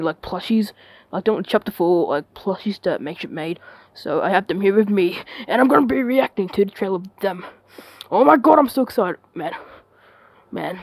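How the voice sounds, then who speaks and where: A woman's voice: mid-range voice, darkish tone, slightly rough, no echo. A woman reacting to a game trailer at home, gushing and squealing, often dropping to a whisper. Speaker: youtuber. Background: trailer music.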